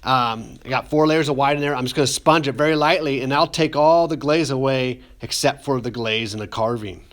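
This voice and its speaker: A man with a mid-range, slightly bright voice talks fairly quickly through a glazing demo in a ceramics classroom video. He's casual and rambling, full of fillers, and jokes that he's "getting emotional."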